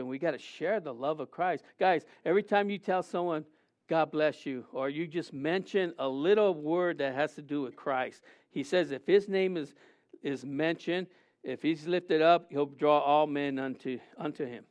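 High-voiced animated preacher man. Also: normal speed. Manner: animated, rises into voiced quotes. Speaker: pastor. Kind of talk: sermon. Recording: dull lo-fi sound.

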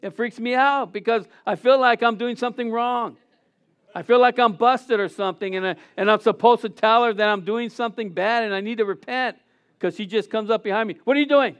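A pastor preaching an animated sermon, calling on the congregation to answer and repeat after him. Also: male voice, very high-pitched, brisk, clean tone, highs cut off.

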